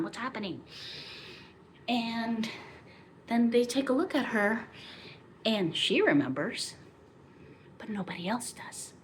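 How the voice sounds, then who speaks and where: A woman's voice: fairly high pitch, slight background noise. A woman vlogger in a casual monologue, retelling a story passionately and rambling, at times dropping to near whispers.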